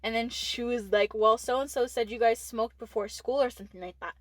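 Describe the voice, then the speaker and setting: A woman's voice: a little high, fairly even intonation, a little fast, dry recording. Teen woman podcaster, candid storyteller, lots of fillers, dry close sound. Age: teens. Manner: candid, swears freely, many "like" fillers. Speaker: podcast co-host. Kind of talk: casual storytelling chat.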